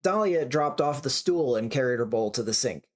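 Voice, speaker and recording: Expressive, playful story reader. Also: mid-range voice, moderate pace. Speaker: story reader, stream host. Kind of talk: reading a story aloud, with asides.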